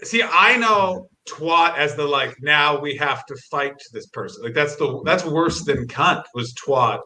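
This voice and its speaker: Brief: Canadian male comic, bright fairly high voice, rambly and wry. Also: unhurried, a little hiss or hum. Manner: rambling, self-correcting, wry asides. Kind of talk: casual chat.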